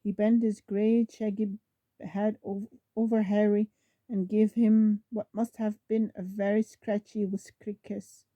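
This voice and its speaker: A woman reading a novel aloud, slowly, often stumbling over words and correcting herself. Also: mid-range voice, flat delivery, dry recording, muffled recording. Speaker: reader.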